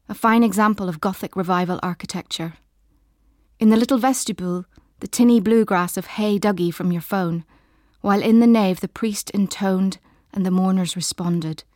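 Casting note: woman narrator, mid pitch, slow and intimate literary reading, very dry close sound. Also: no echo. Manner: slow, measured, intimate and soft. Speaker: audiobook narrator.

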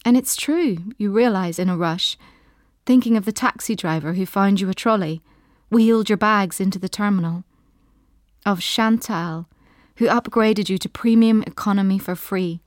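A woman reading a story in the second person, soft and intimate, sometimes dropping into a whisper. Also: medium pitch, normal speed, no echo, studio quality. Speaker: narrator.

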